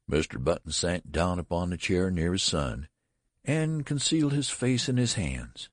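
A man narrating a story in an expressive, dramatic reading style. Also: low-pitched, normal speed, no echo, clean studio sound.

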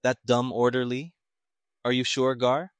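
Man reading a gruff colonel, muttering, irritable, dry close sound. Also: mid-range voice, little pitch movement, a little slow, no echo, natural voice. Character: gruff, short-tempered male army colonel.

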